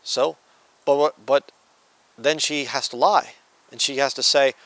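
A man's voice: medium pitch, fairly even intonation, unhurried, a bit bright, no room sound. A man giving a conversational Bible teaching, reading scripture and acting out quoted voices. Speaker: preacher. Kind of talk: sermon-style Bible teaching.

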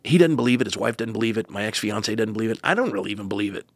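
A pastor, telling a personal story as a podcast guest, earnest with joking asides. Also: male voice, on the low side, lively intonation, very fast, no room sound. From United States.

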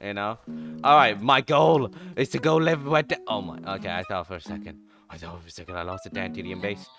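A man's voice: fairly low pitch, a little fast, a bit bright, soft background music. A man streamer giving casual, playful commentary while playing a game, often jumping into mock trash talk.

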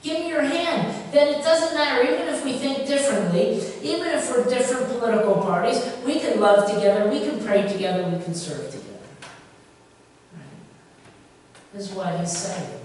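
A woman's voice: fairly high pitch, slight background noise. Woman pastor preaching in an echoey church. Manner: conversational, animated, asks rhetorical questions. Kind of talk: sermon. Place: church sanctuary. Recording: echoey church hall from far off.

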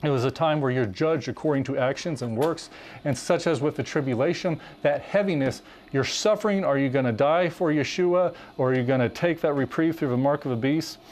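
A man's voice: fairly high pitch, fairly quick, a little mellow, slight background noise. Emphatic man teaching scripture. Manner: earnest, emphatic, varies pace for emphasis. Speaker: Bible teacher, co-host. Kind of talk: teaching conversation, preaching.

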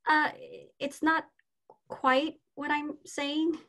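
A woman reading an impatient young woman who tutors French and snaps quickly. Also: sits high, little pitch movement, fairly bright tone, pitched above the performer's own voice, exaggerated voice. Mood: exasperated. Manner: exasperated, quick to snap. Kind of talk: amateur scene reading.

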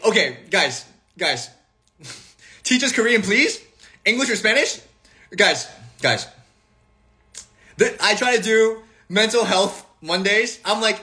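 A man's voice: high voice, expressive, moderate pace, bright, forceful tone, breathy edge. A man in his twenties chatting casually and jokingly on a live stream, rambling with lots of fillers and restarts. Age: 20s. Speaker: livestream host. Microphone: phone livestream.

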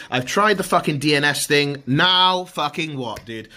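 A man's voice: fairly high pitch, moderate pace, pushed and bright. A man streaming from his room, ranting to chat in an exasperated, swearing way. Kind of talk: frustrated live-stream rant. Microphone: mobile phone held to face.

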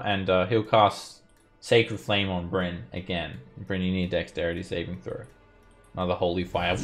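A man's voice: low voice, vocal fry. A man running an online tabletop game as dungeon master, narrating combat with frequent fillers. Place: home setup, playing online.

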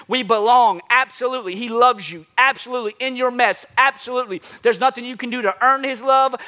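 A preacher man delivers an animated sermon. His voice sits high and bright, and he keeps calling out to the congregation and acting out little asides along the way. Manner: animated preaching with acted asides and call-outs. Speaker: pastor.

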